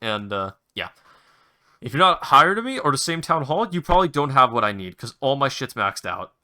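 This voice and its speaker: A young man talking casually on his own show, drifting from topic to topic with frequent restarts and the odd curse. His voice is bright and forward, and his pitch sits in an ordinary middle range. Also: very animated, brisk. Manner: rambling, restarts, mild swearing, enthusiastic recommendations. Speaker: podcast host. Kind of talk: casual solo chat.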